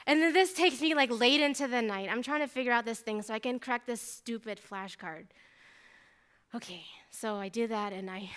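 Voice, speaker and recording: Lively storytelling woman with a smooth voice. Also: on the high side, a little fast. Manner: animated, chatty storytelling with many asides. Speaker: mathematician giving a symposium talk. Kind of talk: personal faith testimony talk.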